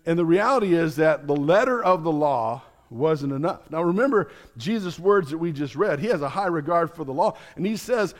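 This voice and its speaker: A man's voice: on the high side, animated, moderate pace, hardly any pauses. A man, a pastor, preaching a sermon in an earnest, explanatory teaching manner with light chuckles.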